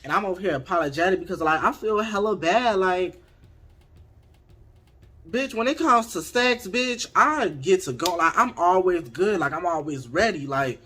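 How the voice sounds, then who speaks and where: A young man in his twenties tells a frank, animated storytime straight to his viewers. His voice is bright and sits a little high for a man. He keeps it casual and expressive throughout. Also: normal speed, slight background noise. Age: 20s. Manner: candid, expressive, addresses viewers directly. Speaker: vlogger.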